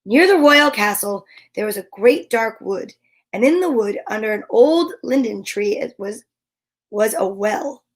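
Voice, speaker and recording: A woman's voice: mid-range voice, expressive, a little slow. A woman hosting a storytime, reading a fairy tale aloud with playful chatty asides. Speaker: storyteller host. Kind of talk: children's read-aloud.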